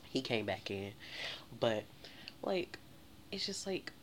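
Deep-voiced woman ranting profanely. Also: slow pace, a little hiss or hum. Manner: profane, animated, exaggerated storytelling. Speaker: vlogger. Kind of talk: casual storytime rant.

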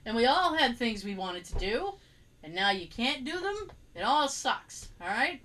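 A woman telling a story in casual chat, animated and laughing, acting out quotes as she rants. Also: on the high side, unhurried, low-quality recording. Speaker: co-host.

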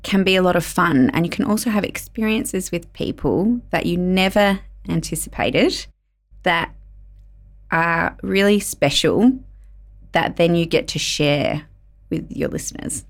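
A woman, a lawyer and podcast host, chatting in a relaxed interview and telling lively stories. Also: on the low side, a little slow. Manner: lively storyteller, laughs easily. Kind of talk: casual conversational interview.

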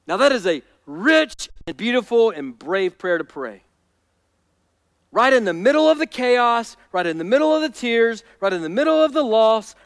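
A man with a strikingly high voice preaches a sermon, stacking up repeated phrases as his intensity climbs. The sound is dry and close. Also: smooth, no echo. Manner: preaching with rising intensity and repetition. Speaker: pastor.

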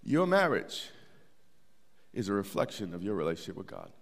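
A man's voice: sits low, huge pitch swings, normal speed, creaky. A middle-aged man preaching a sermon in a church, conversational, with repeated words and restarts. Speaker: pastor. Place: church sanctuary. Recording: long hall reverb.

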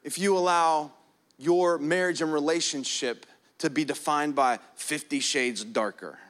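A man's voice: a little high, steady tone, unhurried. A man preaching a sermon as pastor in a church, earnest, often repeating words and stretching them out for emphasis. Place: church hall. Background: soft keys playing.

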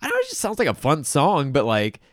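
A man's voice: on the high side, huge pitch swings, fast talker, no echo, clean studio sound. A man co-hosting a podcast, chatting casually about an album, rambling with lots of fillers and restarts. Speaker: podcast co-host. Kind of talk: casual chat about music. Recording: faint music playing underneath.

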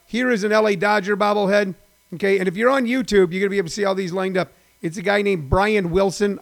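Middle-aged guy rambling to his stream viewers at home, kinda high voice, lots of uhs. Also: creaky. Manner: rambling and chatty, with many uh fillers. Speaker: live-stream host and former stand-up comic. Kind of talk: casual live-stream chat to viewers.

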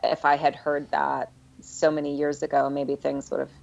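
A woman shares a personal story as a podcast guest, speaking in a low, gravelly voice. Her delivery is earnest and reflective, full of small pauses and fillers. The recording sounds a little dull and muffled. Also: monotone, a little mellow.

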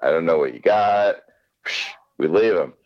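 A man's voice: low-pitched, unhurried, lo-fi sound. A man co-hosting a casual chat, rambling and acting out quoted people as he talks. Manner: rambling, animated, acts out quotes. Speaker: podcast co-host.

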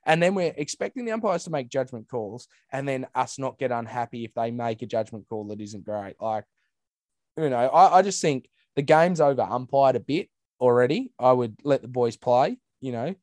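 A man's voice: medium pitch, expressive, normal speed, a little mellow, dry recording, clean studio sound. An Australian man in casual podcast chat, ranting bluntly with swearing and mimicking others. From Western Australia.

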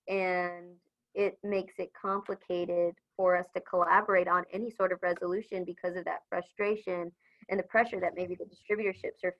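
A woman's voice: fairly low pitch, highs cut off. A woman, upbeat and chatty, talking about customer service in a business interview. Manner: upbeat, chatty, acts out phone greetings. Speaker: supplier customer service leader.

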